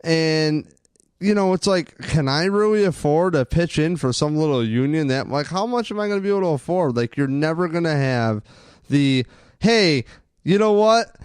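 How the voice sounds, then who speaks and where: A man's voice: on the high side, moderate pace, clean tone, no echo, clean studio sound. A man co-hosting a sports podcast, ranting with lots of swearing in casual chat. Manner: profane, ranting, animated. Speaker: podcast co-host.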